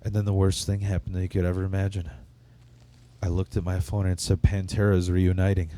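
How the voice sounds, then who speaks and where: A man's voice: low-pitched, level tone, fairly quick, mellow. A man hosting a podcast, telling rambling, profane comic stories in casual chat. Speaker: podcast host. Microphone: studio microphone.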